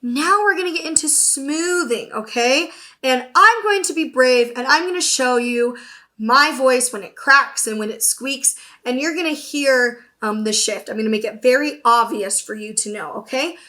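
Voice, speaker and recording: A young woman teaching a singing lesson, talking through warm-ups and singing vocal exercises, often checking in with "okay?". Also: high voice, moderate pace. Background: piano accompaniment.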